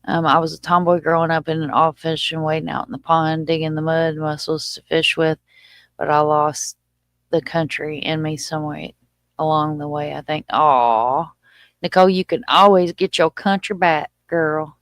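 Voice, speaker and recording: A Southern woman hosts a laid-back livestream, talking in a chatty, folksy way and answering viewers. Her voice has a gravelly, fried edge. The sound is dry and close, with no room echo. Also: low-pitched, fairly even intonation, moderate pace. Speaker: livestream host. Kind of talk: casual livestream chat.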